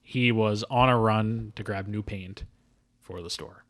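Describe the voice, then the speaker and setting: A man's voice: lowish voice, fairly even intonation, gravelly. A man hosting a casual film podcast, talking enthusiastically about a movie and briefly acting out its characters. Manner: enthusiastic, acts out film characters in quick voices. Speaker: podcast host.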